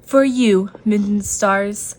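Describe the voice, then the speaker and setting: A grand, showy stage magician from a picture book, acted by a woman reading aloud. He announces his tricks theatrically, stretching his words out slowly. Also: mid-range voice, a little mellow, lightly acted.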